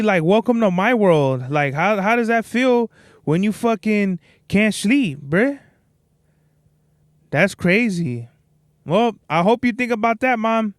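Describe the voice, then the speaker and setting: A young man hosts his own podcast, drifting from story to story in a loose, profane, laid-back ramble. His voice sits a little high and comes through smooth and clean. The sound is dry and close, with no room echo. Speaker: podcast host. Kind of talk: casual solo podcast monologue.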